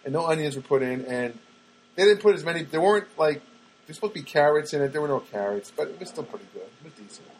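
A man rambling through everyday stories in a chatty, excitable monologue, often repeating himself and acting out other people's voices. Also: a little high, fast talker, low-quality recording.

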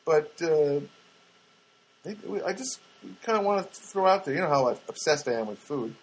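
On a low-quality recording, a man with a voice on the high side hosts a podcast, animated and at a moderate pace. He tells rambling, funny stories, chatting along and interrupting himself with asides.

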